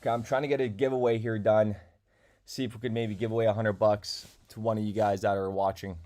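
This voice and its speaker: A man's voice: fairly low pitch, flat delivery, fast talker, a little mellow. A man hosting a casual crypto livestream, chatty and talking straight to his viewers, at a desk microphone in a room at home. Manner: chatty, reads viewer comments aloud.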